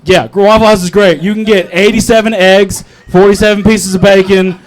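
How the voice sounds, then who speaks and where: A man's voice: high-pitched, steady tone, normal speed. A young man from North Carolina doing a rambling, profane, self-mocking stand-up set at an open mic, often laughing at his own jokes. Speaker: stand-up comedian. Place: open mic comedy club.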